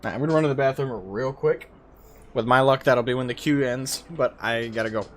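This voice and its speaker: Chatty swearing game streamer. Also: male voice, medium pitch, fairly quick, a little hiss or hum. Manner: chatty, swears freely, mock-reads game dialogue. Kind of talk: casual live gameplay commentary. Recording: faint game music behind.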